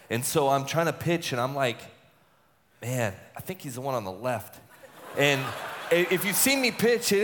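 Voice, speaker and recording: A retired relief pitcher tells a story in an interview, a man of ordinary pitch who talks in a chatty, looping way and often repeats his words. His voice rings with a long hall reverb. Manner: chatty, repeats words, lively acted-out quotes.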